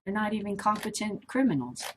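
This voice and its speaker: A woman's voice: mid-range voice, lively intonation, fairly quick, fairly bright tone, a little hiss or hum. Rambling middle-aged woman vlogger. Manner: rambling, easily sidetracked, blunt and swearing. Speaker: vlog host reading and commenting on news. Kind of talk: casual commentary.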